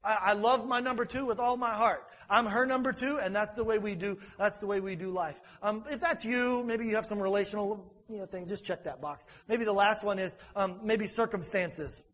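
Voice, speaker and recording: A man's voice: sits high, moderate pace, hardly any pauses, a bit bright, big-room sound. A man preaching in a church, talking in a rambling, conversational way. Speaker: pastor. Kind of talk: sermon. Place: church sanctuary.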